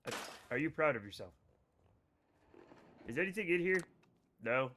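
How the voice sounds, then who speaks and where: Bright high-voiced excitable man. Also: normal speed, slight background noise. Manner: excitable, bantering with chat, sudden outbursts. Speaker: streamer. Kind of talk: casual live gameplay commentary.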